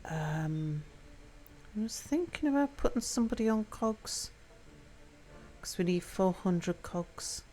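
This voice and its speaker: Slow-talking woman streamer. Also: mid-range voice, expressive, mellow. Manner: chatty, reads chat aloud, playful with pronunciation. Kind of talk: casual live-stream chat while playing. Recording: faint music behind.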